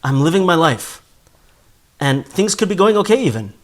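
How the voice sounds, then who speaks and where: A man's voice: fairly high pitch, big pitch swings, moderate pace. A man giving a spoken Torah class in an earnest way, often repeating words as he builds a point. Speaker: Torah teacher.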